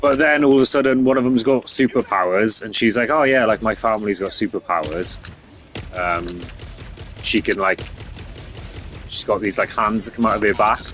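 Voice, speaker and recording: Young streamer, lowish voice, loose, rambling, sweary delivery. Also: male voice, normal speed, a bit bright. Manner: rambling, sweary, filler-heavy. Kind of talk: casual chat.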